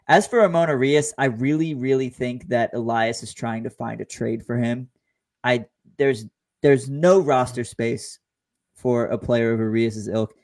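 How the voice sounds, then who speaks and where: A man co-hosting a casual sports talk show, speaking in a measured way with frequent stammered restarts. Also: mid-range voice, a little mellow. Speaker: podcast co-host.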